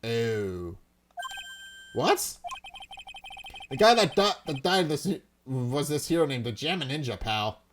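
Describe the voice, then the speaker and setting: Play as a man voicing a clumsy, good-natured detective from a courtroom game. He is loud and blustering, with a lively, bouncing voice that lurches up and down. He calls everyone pal. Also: medium pitch, slow, pauses often, slight background noise. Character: bumbling big-hearted male police detective.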